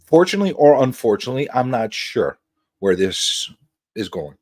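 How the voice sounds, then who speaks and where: Male livestream host, casual and animated, jokey, swears, very lively pitch, mid-range voice. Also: normal speed. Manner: animated, joking, swears freely. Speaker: livestream talk show host.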